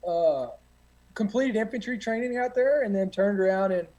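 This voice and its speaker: A man's voice: high-pitched, normal speed, a little mellow, rough recording. A man, a guest telling boot camp stories in a rambling, profane way with many fillers. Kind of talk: casual storytelling.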